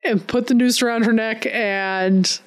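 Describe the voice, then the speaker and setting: A podcast co-host in casual chat, riffing quickly and joking while recapping a story. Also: medium pitch, steady tone, smooth. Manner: chatty, quick to riff and joke.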